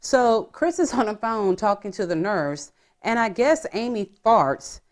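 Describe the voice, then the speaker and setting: A woman's voice: mid-range voice, expressive, a little slow. Gossipy, profane woman host. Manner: profane, gossipy storytelling that acts out quotes. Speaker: podcast host. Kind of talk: casual chat, recapping a reality show.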